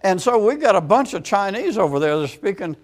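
A man's voice: sits high, very animated, fairly quick. A man preaching a sermon as a storytelling testimony, with frequent amens and quoted voices acted out.

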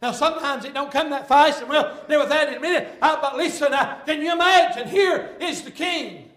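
A man preaching a sermon and reading scripture aloud, impassioned and swelling to shouts, with frequent "uh" fillers. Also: extremely high pitch, a little fast. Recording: echoey room.

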